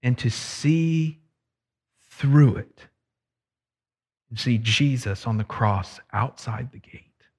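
A male preacher giving a conversational, emphatic sermon that explains scripture and slips into quick acted voices. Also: mid-range voice, a little mellow, slightly rough.

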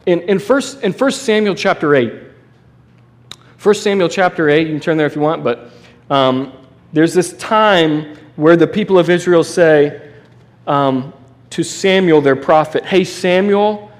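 A man preaching a sermon in a conversational, animated way, with restarts and asides. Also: on the high side, measured pace. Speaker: pastor.

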